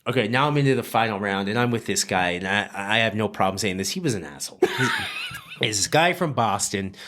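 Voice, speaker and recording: A man from New Mexico, a guest chef, telling a story in a casual, animated podcast chat with frequent fillers. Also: on the low side, fairly quick, slight background noise.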